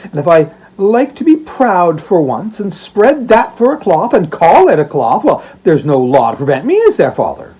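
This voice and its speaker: A man's voice: wildly swooping pitch, moderate pace, few pauses, mellow, husky, exaggerated voice, poor audio. Man putting on a gleeful young woman. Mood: cheerful. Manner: teasing, high and bubbly. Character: gleeful young working-class woman, playful daughter. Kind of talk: audiobook reading.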